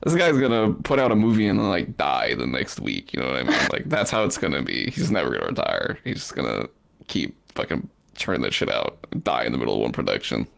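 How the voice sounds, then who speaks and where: A man's voice: very deep voice, huge pitch swings, fast talker, vocal fry, a bit bright. A man hosting a podcast, chatting casually in a rambling way, laughing often and swearing freely. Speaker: podcast host. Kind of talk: casual chat.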